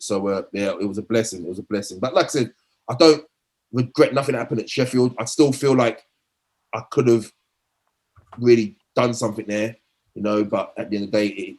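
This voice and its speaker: A man's voice: fairly low pitch, a little mellow. A middle-aged man, a former footballer telling rambling anecdotes in a podcast interview, often restarting and acting out quotes.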